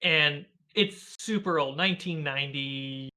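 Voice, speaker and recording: A man speaks as a guest over a video call, in a bright voice that sits a bit high for a man. He tells stories with animation, acting out the lines he quotes and laughing often along the way. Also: unhurried. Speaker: guest, filmmaker and game master. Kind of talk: casual conversational interview.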